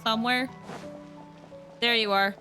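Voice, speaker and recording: A woman's voice: a little high, steady tone, a little slow, over music. A young woman streaming a game, talking to herself and her chat while fighting back tears. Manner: emotional, teary, self-talking. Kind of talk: casual live game commentary.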